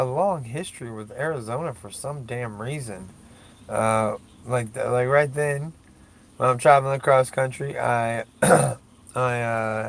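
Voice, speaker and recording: A man's voice: mid-range voice, gravelly. An older man rambling casually and profanely through a solo podcast, joking at his own expense. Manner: rambling, profane, self-mocking. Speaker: podcast host.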